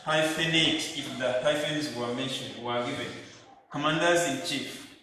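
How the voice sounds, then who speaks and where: A man teaching a grammar lesson to schoolchildren, talking slowly and deliberately and spelling words out letter by letter. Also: mid-range voice, pushed and bright. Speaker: primary school English teacher. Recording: echoey room, distant mic, faint noise.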